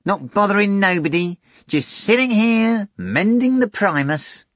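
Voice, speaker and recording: A theatrical black tomcat speaks in a high, strained, pompous voice that stretches out its words. He is mischievous and grandly self-important, and the voice sounds husky and a bit hoarse. It sits close in a dry space with no room sound. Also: sing-song, fairly bright tone, no room sound, full character voice. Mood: mock innocent. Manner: pompous, drawn-out mock-innocent speech.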